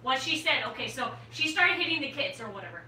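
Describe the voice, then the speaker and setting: A woman's voice: high voice, big pitch swings, bright, forceful tone, slight background noise. A young woman and mother recounting a family fight in heated casual talk, swearing often and acting out what others said. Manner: rapid storytelling, swears often, acts out quotes. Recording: echoey room, far from mic, faint ambience.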